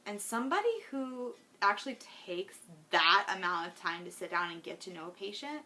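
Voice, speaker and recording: A woman speaking straight to her viewers in a personal video diary, her voice bright and forward. She talks in an earnest, heartfelt way, rambling a little and filling the gaps with "like" and "um". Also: mid-range voice, big pitch swings, moderate pace, slight background noise. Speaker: vlogger.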